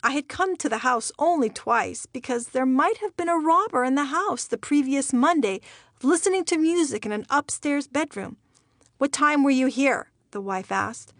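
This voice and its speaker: A woman's voice: sits high, lively intonation, normal speed, a bit bright, no echo. Wry woman reading her memoir. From Iran. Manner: wry, dry humor. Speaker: memoir narrator. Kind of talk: audiobook memoir narration.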